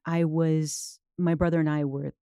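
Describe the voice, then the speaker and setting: A woman's voice: low-pitched, flat delivery, a little slow, warm tone, clean tone, no echo, studio quality. A woman in her thirties from the United States, telling a personal story in casual conversation with many fillers. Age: 30s. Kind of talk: casual chat.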